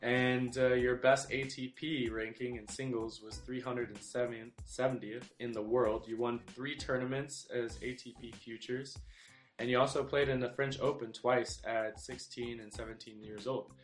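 A man hosting an athlete interview podcast, introducing his guest in an upbeat, energetic way. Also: medium pitch, normal speed, soft background music. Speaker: podcast host. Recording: roomy echo.

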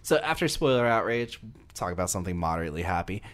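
A man with a very low, deep voice chats loosely on a podcast. He rambles and drifts off track mid-sentence. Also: big pitch swings, fast. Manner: rambling, gets sidetracked mid-thought. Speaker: podcast co-host. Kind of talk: casual chat.

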